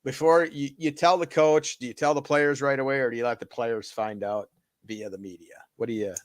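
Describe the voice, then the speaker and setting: Easygoing male co-host, mid-pitched, casual chat, dry close sound. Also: fairly even intonation, fairly quick, no room sound. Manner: agreeable, laid-back, laughs often.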